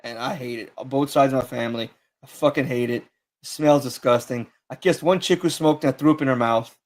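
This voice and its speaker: A man's voice: mid-range voice, fairly quick. A man in a casual chat, telling stories with frequent restarts and swearing. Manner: rambling, swearing, many restarts.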